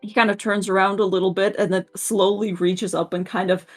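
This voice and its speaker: A woman runs a tabletop game, describing scenes with frequent pauses and fillers. Her voice is husky and her pitch sits in an ordinary middle range. Faint music hums underneath. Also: little pitch movement. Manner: hesitant, filler-heavy narration. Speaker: game master.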